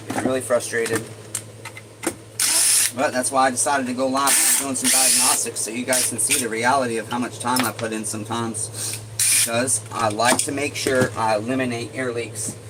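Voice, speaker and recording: A man streaming live from his repair workshop, talking casually while he works and muttering curses under his breath. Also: mid-range voice. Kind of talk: casual livestream talk while working. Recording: steady air-conditioning hum.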